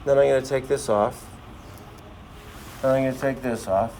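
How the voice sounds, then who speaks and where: A man's voice: mid-range voice, steady tone, normal speed, darkish tone, slight background noise. A man teaching a science class, firing questions at the students and joking as he runs a demonstration in a classroom. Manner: asks the class many questions, jokey.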